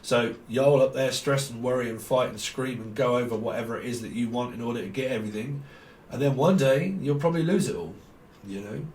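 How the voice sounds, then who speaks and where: A man's voice: mid-range voice, a little fast, a little mellow. A man talks in a blunt, rambling way, full of slang and swearing and often breaking into laughter. He sounds like he is in an echoey room. A faint hum of ambience sits underneath. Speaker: tarot reader. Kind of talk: casual monologue to viewers.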